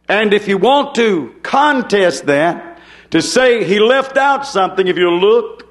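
A man with a notably high voice delivers a sermon in plain, homespun language. He presses his points with emphasis and keeps checking in with rhetorical questions to his listeners. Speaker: preacher.

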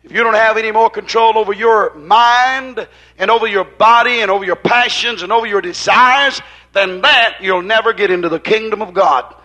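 A man with a high, bright voice preaches a fiery sermon in church at normal speed. He hammers phrases repeatedly in a rhythmic way, his intensity surging loud and then falling low. At times he moves away from the microphone, so his voice sounds distant.

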